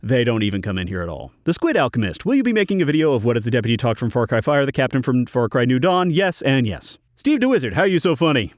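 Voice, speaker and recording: A man's voice: medium pitch, big pitch swings, quick pace, hardly any pauses, no echo. A man hosting his channel's Q&A, reading viewer questions and giving blunt, dry answers from his home recording booth. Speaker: YouTube channel host. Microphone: studio microphone in a recording booth.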